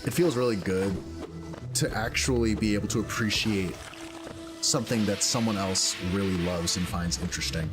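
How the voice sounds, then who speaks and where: A man streaming a game, chatting casually and rambling with lots of fillers. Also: fairly low pitch. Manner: rambling, filler-heavy, thinks aloud. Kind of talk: casual gameplay commentary. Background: game music.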